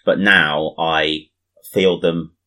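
A tired man chatting casually about a tabletop wargame, relaxed and laughing easily. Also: low-pitched, drawn-out words. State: tired, yawning.

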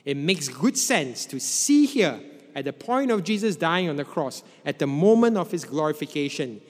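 Preaching man with a long hall echo. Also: very animated. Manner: measured preaching, voice dropping low at phrase ends. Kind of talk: sermon.

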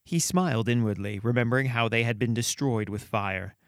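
A man hosting a podcast, reading dark fantasy stories aloud with a measured, expressive delivery and chatting casually between them. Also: medium pitch, no room sound, clean studio sound. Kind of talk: storytelling narration and casual commentary.

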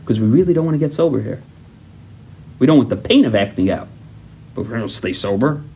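A man's voice: mid-range voice, quick pace, husky. A man leading a recovery workshop, talking animatedly and acting out little dialogues. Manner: animated, acts out dialogues in raised voice.

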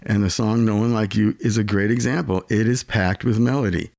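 Man, co-host, casual music chat, explanatory, gravelly voice, dry sound. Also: on the low side, fairly even intonation, fairly quick, darkish tone, dry recording. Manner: enthusiastic, explanatory about guitar tones.

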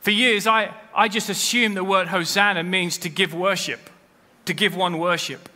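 A man's voice: sits high, fairly even intonation, moderate pace, pushed and bright. A man preaching a sermon as pastor, with rising emphasis as he quotes scripture. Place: church. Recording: long hall reverb.

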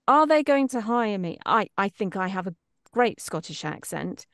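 A woman's voice: medium pitch, animated, unhurried, clean tone, no room sound. Woman, middle-aged, casual chat, frequent restarts, dry. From Britain. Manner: chatty, self-deprecating, many restarts. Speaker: voice actress guest.

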